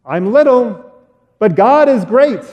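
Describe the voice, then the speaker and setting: Man playing a confident young shepherd boy, calm steady declarations, high voice, church echo. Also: takes it slowly, dull audio, full character voice. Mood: earnest.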